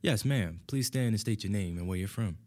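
Casting: a man as a smooth TV talk show host, low-ish voice. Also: a little fast, mellow, lightly acted. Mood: polished. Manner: polished broadcast delivery.

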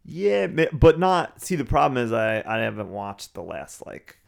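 A man's voice: medium pitch, big pitch swings, normal speed, creaky. A man co-hosting a casual podcast, rambling through chat and listener emails with lots of fillers. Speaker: podcast co-host.

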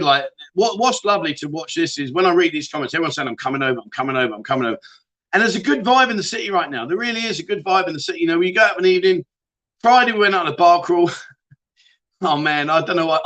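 Middle-aged male host, bright voice, matey and jokey, reads viewer comments live. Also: a little high, rough recording. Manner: chatty, jokey, matey, greets viewers by name. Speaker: livestream host. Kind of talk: casual livestream chat reading viewer comments.

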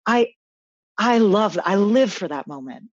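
A woman's voice: medium pitch, expressive, unhurried, breathy edge, no echo, lo-fi sound. A woman coach talking as a podcast guest, earnest and reflective, often restarting her sentences. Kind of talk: casual interview chat.

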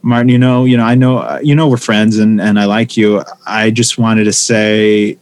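Animated man telling stage stories. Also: lowish voice, normal speed. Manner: animated storytelling, acting out quoted voices. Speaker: stand-up comedian. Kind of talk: casual conversation.

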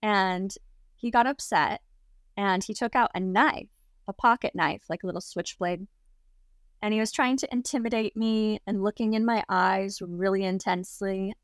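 In clean studio sound without any room noise, a young adult woman with a mid-range voice and moderate pace chats her way through a personal anecdote on an interview show, saying "like" constantly.

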